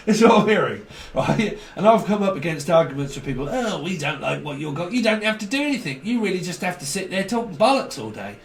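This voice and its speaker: A man's voice: high voice, big pitch swings, fast talker. Rambling, swearing man in an echoey room. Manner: rambling and swearing, laughs a lot, mimics other people. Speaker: tarot reader. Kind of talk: casual monologue to camera. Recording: echoey room, some distance from the mic, faint noise.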